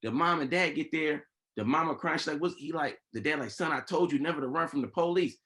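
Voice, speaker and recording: A man hosting a casual podcast chat, relating a personal story with animated energy. He jumps into the voices of the people he quotes. His voice sits a touch higher than most men's. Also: fast. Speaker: podcast host.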